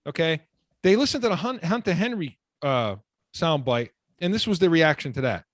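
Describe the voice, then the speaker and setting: A man's voice: on the high side, expressive, normal speed, dry recording. A man hosting sports talk radio, ranting with heat and repeating words as he gets worked up.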